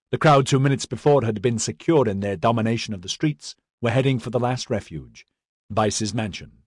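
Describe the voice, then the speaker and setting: A man reading fantasy fiction as a steady, measured audiobook narrator. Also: medium pitch, husky, dry recording, clean studio sound. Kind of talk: scripted narration.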